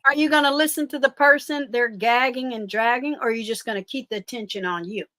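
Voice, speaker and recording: A woman with a high, bright voice talks in a blunt, animated, profane way. Her sound is dry and close. She rambles with restarts as she chats. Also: quick pace, no room sound. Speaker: guest commentator. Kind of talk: casual chat.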